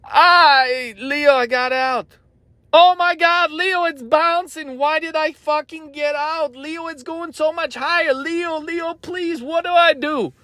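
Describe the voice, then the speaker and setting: A man's voice: very high voice, steady tone, slow, pushed and bright, dry recording, voice pushed up, exaggerated voice. A man voicing a panicky novice male trader who begs and whines frantically. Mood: panicked. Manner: whiny, begging, frantic.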